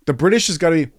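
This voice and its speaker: A man's voice: on the high side, no echo, studio quality. A young man co-hosting a podcast in casual chat, a bit tipsy, rambling and swearing freely. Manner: rambling, swears a lot, quick restarts. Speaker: podcast co-host.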